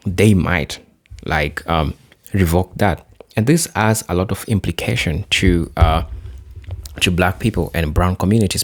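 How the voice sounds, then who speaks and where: A man from Kenya with a very deep voice introduces a reaction segment as host. He speaks earnestly, pausing with fillers. The sound is dry and close. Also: no echo. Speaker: host and presenter. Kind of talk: reaction video commentary.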